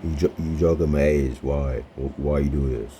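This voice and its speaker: A man in his twenties chatting with an AI character, halting and stammering and repeating his words. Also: very deep voice, fairly even intonation, dark tone, a little hiss or hum. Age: 20s. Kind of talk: casual chat with an AI character.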